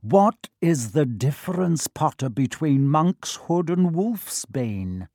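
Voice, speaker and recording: A man voicing a cold, sneering male potions teacher who speaks slowly, low and cutting. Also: sing-song, a little mellow, no echo, studio quality, full character voice.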